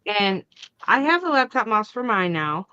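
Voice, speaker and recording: A woman hosting a crafting channel, chatting casually and acting out the family arguments in her story with lively energy. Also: mid-range voice, normal speed, clean tone, no echo, lo-fi sound. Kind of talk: casual chat.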